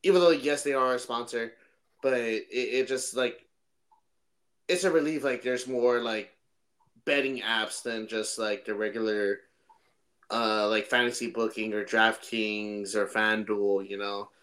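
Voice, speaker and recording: A man's voice: fairly low pitch, steady tone, unhurried, fairly bright tone. A man co-hosting a casual podcast, rambling with lots of fillers and jokes. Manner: rambling, filler-heavy, jokey. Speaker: podcast co-host. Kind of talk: casual chat.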